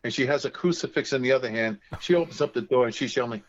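A man, a guest author, telling family anecdotes in an animated way and acting out the voices of relatives. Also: mid-range voice, quick pace, hardly any pauses, lo-fi sound.

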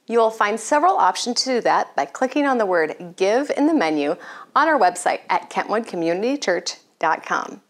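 A woman's voice: medium pitch, big pitch swings, moderate pace. A woman giving a scripted welcome and donation appeal for a church ministry. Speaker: church host.

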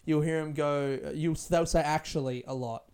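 Smooth-voiced man rambling on his podcast. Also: fairly high pitch, steady tone, normal speed, a little mellow. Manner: rambling, laughing and self-mocking, swears freely. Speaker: podcast host. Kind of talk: casual solo podcast chat. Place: friend's living room in an apartment.

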